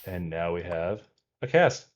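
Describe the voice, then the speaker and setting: In a casual let's-play, the host, a man whose voice sits low, narrates his gaming session a little slowly. Relaxed, he talks himself through each task out loud, explaining every step as he goes.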